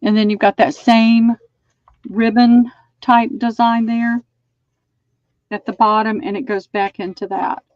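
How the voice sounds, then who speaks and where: A woman's voice: on the high side, little pitch movement, measured pace, pauses often, no room sound, lo-fi sound. A woman hosting a live online sale, chatting as she measures and describes items. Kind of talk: live-streamed sale pitch.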